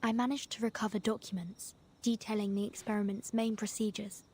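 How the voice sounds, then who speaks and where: Man putting on a soft polite young woman, hushed high falsetto, discreet, game story voice. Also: level tone, a little fast, husky.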